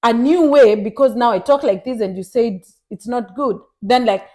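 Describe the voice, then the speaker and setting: A young woman chatting on a podcast, animated, acting out others and mixing in Swahili. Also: on the high side, normal speed. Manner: animated, mimics others in raised voice, mixes Swahili into English. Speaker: podcast co-host. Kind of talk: casual chat.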